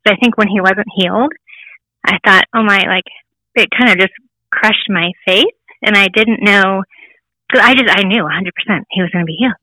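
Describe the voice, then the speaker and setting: A woman's voice: medium pitch, pushed and bright, no room sound, rough recording. A woman in her thirties, a guest sharing a candid personal story, laughing often and acting out voices in her quotes. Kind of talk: personal testimony interview.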